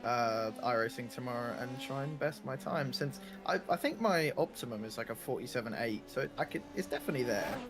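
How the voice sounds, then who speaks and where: A man's voice: mid-range voice, lively intonation, brisk, few pauses, over music. A man co-commentating a sim race in casual, playful banter, teasing his partner. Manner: playful, teasing, laughs often.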